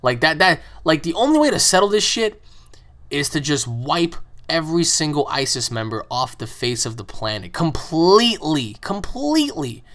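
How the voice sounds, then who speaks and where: A man's voice: a little high, big pitch swings, normal speed, a bit bright. A man hosting his own channel, answering fan questions in a rambling, profane monologue full of repeated words. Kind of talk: casual opinionated monologue.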